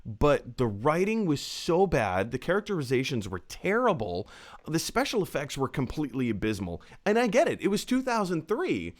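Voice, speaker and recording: Lively-voiced chatty male show host. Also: on the high side, moderate pace. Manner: chatty, upbeat, lots of fillers. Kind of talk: casual podcast chat.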